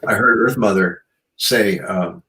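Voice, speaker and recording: Deep-voiced earnest man musing aloud. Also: unhurried, background noise. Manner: earnest, musing, frequent "you know". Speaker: guest author and shamanic practitioner. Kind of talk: reflective interview conversation.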